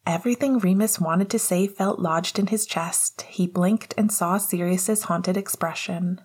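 A woman narrating an audiobook in a soft, breathy way. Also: lowish voice, fairly even intonation, unhurried. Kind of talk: scripted narration.

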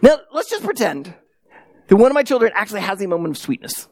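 A middle-aged man delivering a sermon with a lively, swooping delivery, acting out voices as he tells stories. His voice is close and dry, with no room sound around it. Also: high voice, fast talker, no echo. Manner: animated storytelling with acted-out quotes. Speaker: pastor.

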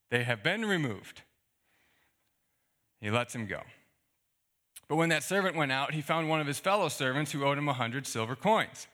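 A male pastor giving a conversational sermon, reading scripture and explaining it with rhetorical questions. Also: mid-range voice. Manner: conversational, animated preaching with fillers and rhetorical questions.

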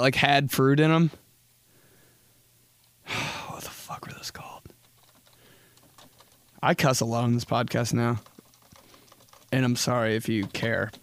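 A man's voice: medium pitch, no room sound. A young man hosting his own podcast, chatting casually and telling rambling, jokey stories with a lot of swearing. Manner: profane, rambling, jokey storytelling. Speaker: podcast host. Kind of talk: solo casual podcast chat.

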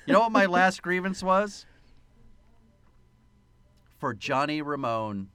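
A male podcast co-host with a bright, pointed voice, recorded dry and close. He talks in loose, sarcastic chat, swears freely and plays up mock outrage. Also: sits high, sing-song, slow pace, pauses often, clean tone, no echo. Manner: sarcastic, profane, mock-indignant. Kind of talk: casual film-review chat.

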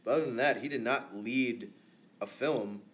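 A man's voice: mid-range voice, moderate pace. Laid-back man chatting about movies. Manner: loose, swears, laughs often. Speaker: podcast co-host. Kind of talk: casual movie chat.

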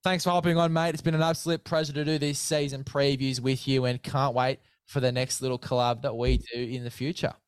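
A chatty man hosts a casual sports preview and talks to his co-host like an old mate. His voice is smooth and resonant. It is recorded dry and close. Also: medium pitch, flat delivery, brisk, few pauses, no room sound. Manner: chatty, matey, plugs a sponsor with mock hype.

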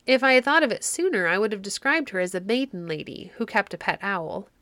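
A woman's voice: medium pitch, expressive, a little fast, fairly bright tone, no room sound, close to an everyday voice. A woman voicing a playful young man telling stories to children in a storybook reading.

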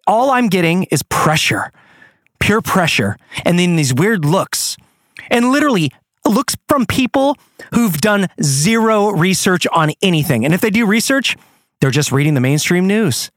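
A man's voice: high-pitched, unhurried, no echo, clean studio sound. A man hosting his own show, ranting angrily with plenty of swearing. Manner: angry, profane, animated. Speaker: podcast host. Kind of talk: ranting monologue.

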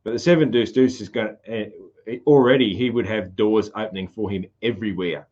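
A man's voice: lowish voice, a little fast, darkish tone, slightly rough, lo-fi sound. A man with a broad Australian country accent, hosting a casual podcast chat, rambling and laughing often. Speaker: podcast host.

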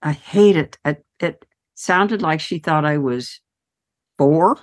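A woman hosting an interview, chatting casually and sharing her own anecdotes in an expressive way. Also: sits low, slow. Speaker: host. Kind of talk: casual chat.

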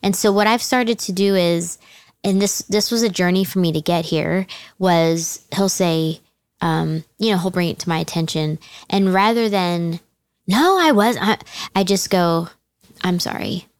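A middle-aged woman speaks in a lowish voice with a dry, close sound. Her talk is candid and self-deprecating, and she laughs often. It feels like a relaxed church podcast chat. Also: measured pace, clean tone, dry recording. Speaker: church women's teaching team member. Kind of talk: casual podcast conversation.

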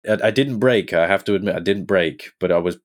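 A man, an actor guest on a podcast in a pub, telling lively anecdotes and acting out what others said. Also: sits low, brisk. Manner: lively storyteller who acts out quoted lines.

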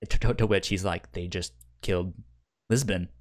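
A man's voice: low voice, fairly even intonation. A man co-hosting a podcast, casually recapping a TV series with frequent stammers and repeated syllables, swearing freely and acting out characters' lines. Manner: acts out characters' lines in quick quoted bursts. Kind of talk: casual chat.

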